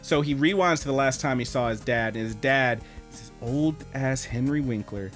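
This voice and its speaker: A man co-hosting an anime podcast, telling stories in an animated, swearing, casual way. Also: mid-range voice, normal speed, soft background music. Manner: animated storyteller, swears a lot. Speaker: podcast co-host. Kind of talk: casual chat.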